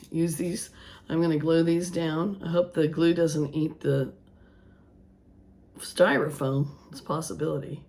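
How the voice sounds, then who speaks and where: A woman with a hoarse voice, rambling casually as she works on a craft project and later preaching earnestly. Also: sits low, darkish tone. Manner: rambling, thinking aloud with restarts; earnest preaching about faith. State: hoarse, voice still gone after illness. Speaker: craft vlogger. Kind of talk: casual craft vlog talk.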